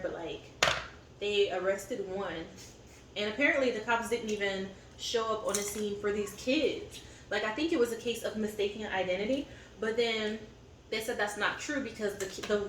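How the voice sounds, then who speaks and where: A woman talking candidly over a meal, her words rambling and unpolished as she vents. She sits back from a camera in a roomy space, with a faint hum of ambience behind her. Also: mid-range voice. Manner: candid, venting, rambling with fillers. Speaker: co-host of a family eating channel. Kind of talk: casual chat over a meal. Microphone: camera set up at a distance. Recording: roomy echo, distant mic, faint ambience.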